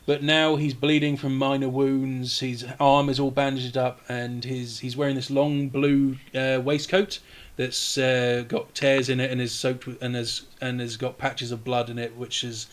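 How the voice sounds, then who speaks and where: Relaxed game master narrating. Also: male voice, medium pitch. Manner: relaxed, halting narration with fillers. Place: home streaming setup.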